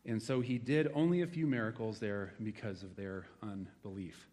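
A middle-aged man preaching a sermon in a conversational, animated way, acting out the voices in his stories. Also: lowish voice, normal speed. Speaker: pastor.

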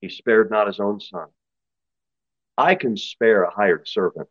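A man's voice: lowish voice, animated, unhurried, no room sound, muffled recording. A man preaching an expository sermon in a church, emphatic and acting out story voices. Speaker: pastor.

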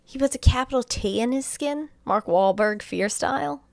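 A woman co-hosting a casual podcast, retelling a movie plot in a giggly, animated way and swearing casually. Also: fairly high pitch, normal speed, vocal fry, no room sound. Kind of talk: casual chat.

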